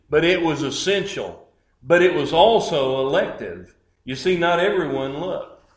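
A man preaching a sermon, telling stories dramatically and acting out the people in them. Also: a little high. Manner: dramatic storytelling, voicing characters in quotes. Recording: roomy echo.

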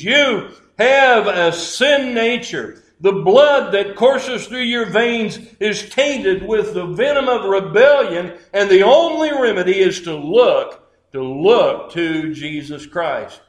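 A man's voice: high-pitched, big pitch swings, slow pace. A man preaching a sermon, telling stories dramatically and acting out the people in them. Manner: dramatic storytelling, voicing characters in quotes. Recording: roomy echo.

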